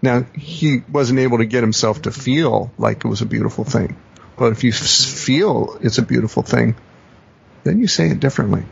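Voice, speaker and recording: Gravelly, husky man explaining slowly. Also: mid-range voice. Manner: reflective, repeats and rephrases, acts out quoted phrases. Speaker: guest, coach and teacher. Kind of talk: conversational podcast explanation. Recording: dull lo-fi podcast audio.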